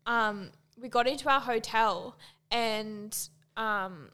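Chatty young woman, bright voice. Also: a little high, slow pace. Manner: chatty, says "like" constantly, acts out quoted people. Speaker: podcast co-host. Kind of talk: casual chat, storytelling.

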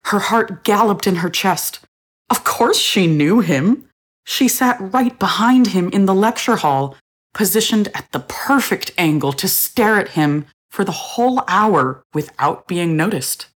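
A woman narrating a story in a measured, expressive reading. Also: mid-range voice, husky.

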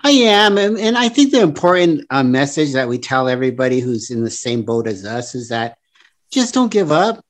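A man's voice: medium pitch, big pitch swings, normal speed. A man in his fifties co-hosting a dating podcast, earnest and encouraging with a playful, joking side. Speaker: podcast co-host. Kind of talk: casual chat.

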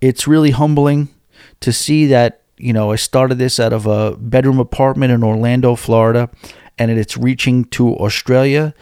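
A man's voice: mid-range voice, steady tone, normal speed, warm tone, smooth, dry recording, clean studio sound. A man hosting a podcast in casual chat, candid and rambling, reading out listener emails and answering them. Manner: candid, rambling, restarts mid-sentence. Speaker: podcast host.

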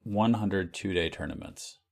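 A man with a very low voice chatting on a podcast. He teases his co-host with dry, understated remarks. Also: measured pace. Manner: dry, teasing asides. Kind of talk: casual chat.

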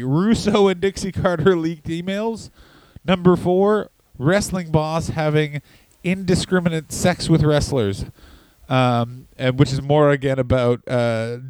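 A man co-hosts a comedy podcast with a wry, deadpan delivery and plenty of swearing. His voice sits a bit high, and the recording is dry and close. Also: no room sound, poor audio. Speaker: podcast co-host. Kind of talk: casual comedic chat.

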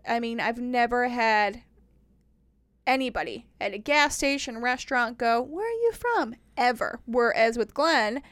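A woman's voice: fairly high pitch, unhurried, clean tone, dry recording. A woman from Indiana with an Upper Midwest American accent, chatting casually and acting out quotes as she tells stories. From Indiana, United States. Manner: animated storyteller, acts out quotes, swears freely. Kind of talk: casual chat.

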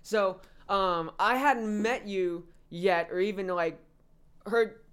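A woman guesting on a podcast, excitable in casual chat and laughing often, who also freestyles. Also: mid-range voice, takes it slowly, clear, resonant tone. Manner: excitable, bursts into laughter, sings and raps.

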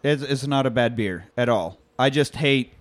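A man hosting a laid-back podcast chat, his talk loose and full of profanity. He gets worked up and rants with mock outrage, his voice at an ordinary mid pitch. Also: moderate pace, dry recording. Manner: profane, ranting, excitable. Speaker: podcast host. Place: indoor room with friends, drinking beer.

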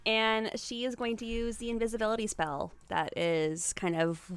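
A woman playing a tabletop game, lively and chatty. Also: fairly high pitch, moderate pace, smooth. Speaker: player.

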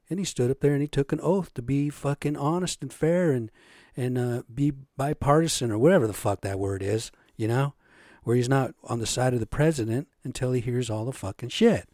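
A man rants on his own podcast, agitated and heavily profane, peppering every point with "you know?" and "right?". His voice is mellow and dark in tone, sitting at an average pitch for a man. The recording is dry and close, with no room sound. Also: brisk, no echo. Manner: rhetorical questions with repeated "you know" and "right". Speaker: podcast host. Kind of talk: solo podcast rant.

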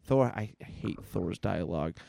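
A man's voice: low voice, lively intonation, measured pace, gravelly, dark tone, no room sound. A man co-hosting a casual podcast, enthusiastically retelling an old comic book aloud. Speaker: podcast co-host. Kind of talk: casual chat.

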